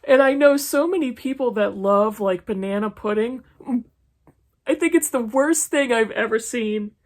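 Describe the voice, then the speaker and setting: A woman in her fifties from New England talks casually and frankly, with a slightly higher voice. She rattles through questions and drops sarcastic asides as she goes. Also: moderate pace, darkish tone. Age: 50s. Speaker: book YouTuber. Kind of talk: casual chat answering tag questions. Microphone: camera mic, reading from an e-reader.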